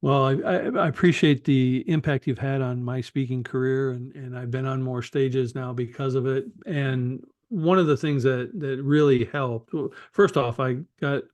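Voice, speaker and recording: A man's voice: medium pitch, fairly even intonation, normal speed, few pauses, a little mellow. A man hosting a podcast, speaking earnestly and reflectively and restarting his phrases as he thinks aloud. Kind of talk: casual conversation.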